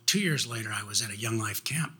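A man tells a personal story in a lively, conversational way, often laughing and restarting his phrases. His voice is bright and forward, with a slightly husky texture. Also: lowish voice, quick pace. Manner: animated, laughing, with many restarts. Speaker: speaker telling a personal faith story.

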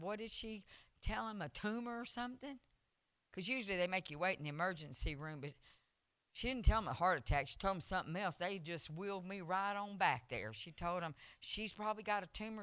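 A woman preaching a revival sermon, telling a personal testimony, swinging from soft storytelling to loud, emotional preaching. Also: medium pitch, no echo.

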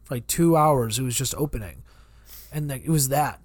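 A man's voice: medium pitch, moderate pace, no room sound. A man co-hosting a podcast, telling a long rambling story in casual chat and acting out customers in quotes. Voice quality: swears freely. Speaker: podcast co-host.

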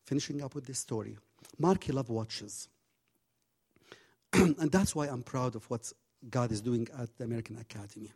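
With a breathy edge, a medium pitch, and normal speed, this preacher tells a story in his sermon with great passion. He shifts from quiet tones to sudden loud bursts, and his English is a little broken.

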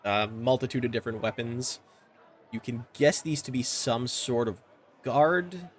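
A man narrates a tabletop game as its game master, loose and descriptive, dropping filler words as he goes. His pitch sits mid-range, and a faint hiss runs under the recording. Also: measured pace.

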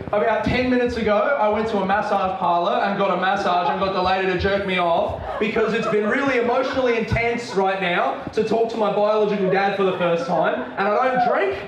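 Stand-up in his thirties, high and rowdy, mic'd from afar with crowd noise behind. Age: 30s. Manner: loud, animated, laughing, swearing. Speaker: stand-up comic. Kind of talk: live stand-up set. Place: comedy stage, indoors. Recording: echoey venue taped from far off, crowd noise.

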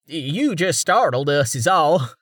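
Man playing humble barge owner, high-pitched, respectful. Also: very animated, takes it slowly, fairly bright tone, husky, no room sound, recorded from a distance, full character voice. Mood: polite. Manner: deferential and polite. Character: polite, easily startled barge owner man.

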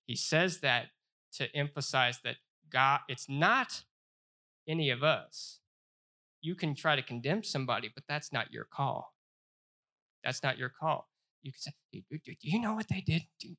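Man, Bible study teacher, bright voice, earnest, repeats himself and slows down for scripture. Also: mid-range voice. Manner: earnest, repeats phrases, stumbles and restarts; reads scripture aloud with slow emphasis.

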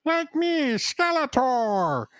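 A man's voice: very high voice, very animated, drawn-out words, fairly bright tone, smooth, no room sound, clean studio sound, pitched above the performer's own voice, exaggerated voice. A man doing a hammy, mock-menacing impression of a male skeleton villain during a podcast chat. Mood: gloating.

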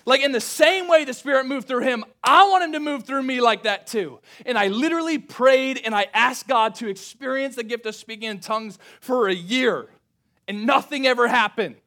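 Young man, pastor, sermon storytelling, high voice, acts out dialogue, quiet intense asides. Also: normal speed. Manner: animated, acts out family dialogue with big pitch swings; drops to quiet, intense tones for reflective moments.

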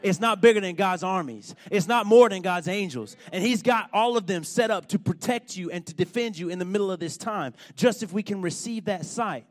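A man preaching a sermon, telling a story with animated, emphatic build-ups. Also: high voice, fairly quick, few pauses. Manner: animated storytelling, rising to loud emphatic points.

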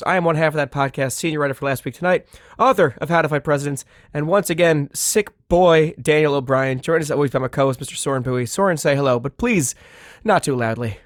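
A man with a hoarse voice from a cold, hosting a casual podcast chat in a rambling, self-deprecating way. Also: a little high, fast talker, no echo, studio quality. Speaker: podcast host.

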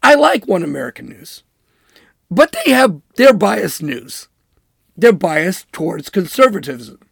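A man's voice: high-pitched, very animated, measured pace, creaky, breathy edge, dry recording, clean studio sound. A man hosting a political commentary show, talking in an emphatic, sarcastic monologue and mocking with air quotes. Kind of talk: opinionated monologue.

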